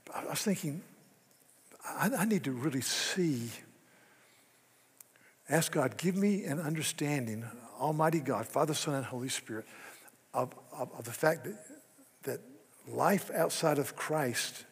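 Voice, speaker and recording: An older man preaches in a husky, somewhat high voice. He talks quietly and reflectively, then builds to fervent, pleading emphasis. His voice rings with a long hall reverb. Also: a little slow, long pauses. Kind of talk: devotional sermon.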